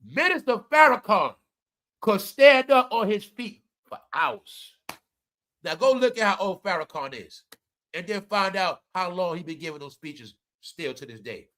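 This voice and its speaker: A commentary vlogger rants to his viewers, calling them y'all, cursing and preaching his point for comedic effect. His male voice sits high, bright, and forceful.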